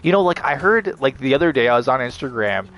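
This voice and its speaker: A man's voice: medium pitch, sing-song, quick pace, fairly bright tone, faint music behind. Heated, foul-mouthed man ranting. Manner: heated, swearing, heavy use of "like". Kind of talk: profane unscripted rant to camera.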